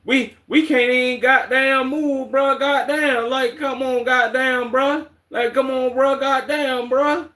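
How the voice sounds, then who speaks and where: A man's voice: very high-pitched, fairly even intonation, slow, hardly any pauses, bright, forceful tone, distant mic, voice pushed up, exaggerated voice. A man putting on a mocking, exaggerated Atlanta accent as a whiny figure who keeps repeating the same words. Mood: mocking whine. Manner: exaggerated drawl, repeats goddamn and bro. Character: whiny high-pitched mock Atlanta man.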